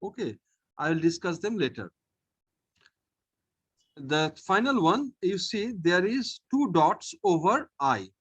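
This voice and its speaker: A man teaching a French lesson online, slowly and patiently, repeating each sound and often checking in with "okay". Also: high voice, very animated, fairly bright tone, breathy edge.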